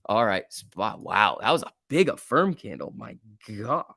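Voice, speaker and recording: A man hosting a casual livestream, giving excitable running commentary and answering chat. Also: fairly low pitch, measured pace, no room sound, studio quality. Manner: excitable, reacts aloud and reads chat. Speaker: livestream host. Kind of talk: casual live market commentary.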